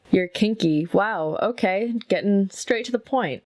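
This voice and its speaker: A young woman makeup artist chats candidly at home, swearing freely, in an animated mid-range voice at a slow pace. The close mic gives soft, intimate pickup with no room sound.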